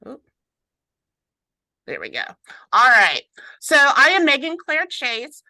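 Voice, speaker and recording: A woman with a Southern US accent hosts a casual online webinar, sounding very bright and upbeat. Her voice sits a little high and comes through dry and close, with no room sound. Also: no room sound, low-quality recording. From Atlanta, Georgia. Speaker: host.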